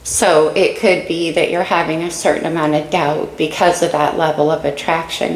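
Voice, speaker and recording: Woman tarot reader, low gravelly voice, dreamy musing delivery, slightly out of breath, echoey room. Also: level tone, moderate pace, few pauses, a little hiss or hum. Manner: dreamy, musing, talks to viewers directly. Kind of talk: casual spoken tarot reading.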